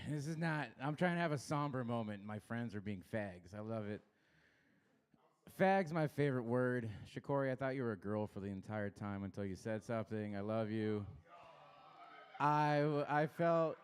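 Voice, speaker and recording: A young man from Los Angeles doing a crude stand-up set, baiting the crowd and swinging his pitch up and down. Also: expressive, normal speed, clear, resonant tone. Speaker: stand-up comedian. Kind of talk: stand-up set at an open mic.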